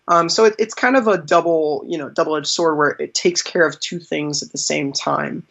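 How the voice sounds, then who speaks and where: This man's fairly high, fairly bright voice has vocal fry, even intonation, a normal speed, and hardly any pauses. As a magician being interviewed on a podcast, he spins chatty stories full of laughter and filler words, captured in dull lo-fi sound.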